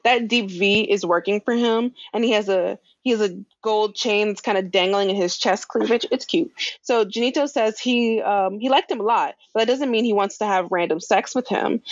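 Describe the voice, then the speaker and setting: A woman's voice: mid-range voice, dry recording. A laid-back woman recaps a TV episode in casual podcast chat. She swears offhandedly and laughs often. The recording is dry and a little dull. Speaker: podcast co-host recapping a show.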